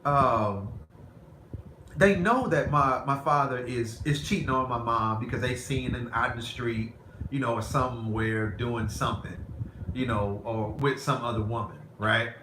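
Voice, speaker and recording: A man's voice: medium pitch, measured pace. A man vlogging, telling a personal story in a candid, rambling, conversational way. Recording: roomy echo, faint background noise.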